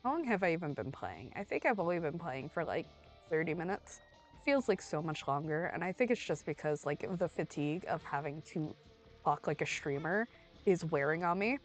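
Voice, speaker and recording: A young woman streams a game under the weather, rambling in a playful, casual way. Her pitch swings widely, jumping to sudden loud bursts. Soft music plays faintly behind her. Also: sing-song, moderate pace.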